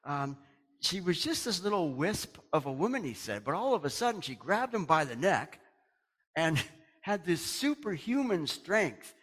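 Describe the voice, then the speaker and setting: Lively, chatty middle-aged pastor. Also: male voice, fairly high pitch, unhurried, slightly rough. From Canada. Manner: chatty, folksy, with chuckles and restarts. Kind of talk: casual sermon announcements and storytelling.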